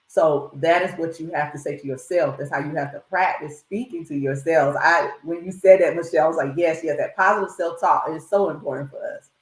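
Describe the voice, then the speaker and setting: A woman's voice: deep voice, fairly quick, few pauses, roomy sound, rough recording. A woman speaking on a church panel, eager and encouraging.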